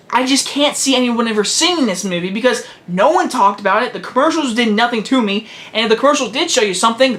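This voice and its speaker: A man's voice: sits high, a bit bright. A teenage boy giving a casual video movie review, blunt and emphatic, hammering his verdicts home again and again. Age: teens.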